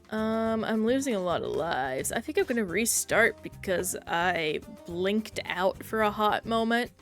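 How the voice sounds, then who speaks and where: Woman gaming streamer rambling to chat, mid pitch, some faint music under her. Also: lively intonation, measured pace, few pauses. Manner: chatty, self-reflective, reads chat aloud.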